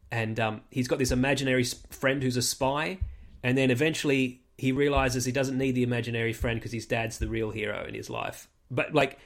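Chatty man on a podcast. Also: mid-range voice. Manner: animated, storytelling with quoted voices. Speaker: podcast co-host. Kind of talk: casual chat.

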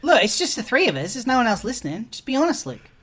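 Deadpan, hesitant male podcast host; casual comedic banter. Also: very high voice, quick pace. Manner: deadpan, hesitant, full of ums.

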